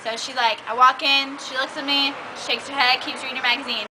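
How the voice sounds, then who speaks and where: Chatty young woman, high voice. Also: flat delivery, fast talker. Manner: chatty, bossy toward friend, lots of "like". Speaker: storyteller. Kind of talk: casual story time. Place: outdoors by a trash can. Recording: noisy outdoor recording.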